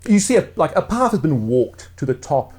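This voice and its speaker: A man's voice: fairly high pitch, big pitch swings, moderate pace, a little mellow, husky. A man narrating as game master in a casual, rambling way with many fillers. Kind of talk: narrating a tabletop role-play.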